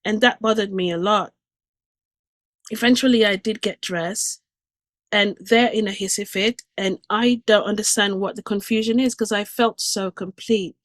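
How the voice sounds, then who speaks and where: In a dry recording, a woman with a medium-pitched, steady voice speaks at normal speed as a guest sharing her near-death experience. Her testimony is heartfelt and vivid, and emotion makes her begin sentences over.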